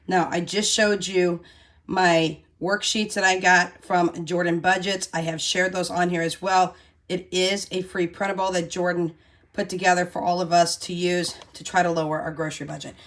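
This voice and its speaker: A middle-aged woman chatting through her grocery haul as a budget vlogger, explaining each item at length and saying "y'all". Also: on the low side. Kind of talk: casual grocery haul talk to camera.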